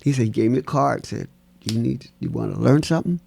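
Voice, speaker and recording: A man telling stories as an interview guest, animated and laughing, acting out the voices of people in his stories. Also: medium pitch, brisk, vocal fry, slightly rough. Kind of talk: storytelling in a casual interview.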